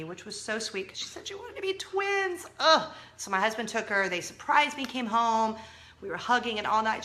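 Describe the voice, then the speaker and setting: A woman in her thirties chatting to camera as a parenting vlogger, expressive and moving between loud and hushed. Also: medium pitch. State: injured, in a leg cast. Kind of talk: casual chat to camera.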